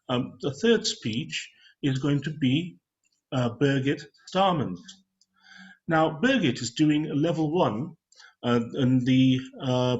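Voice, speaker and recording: A man hosting an online club meeting, giving formal, measured speaker introductions. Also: mid-range voice, darkish tone. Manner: measured, ceremonial, reads introductions. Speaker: meeting host. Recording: dull lo-fi video call audio.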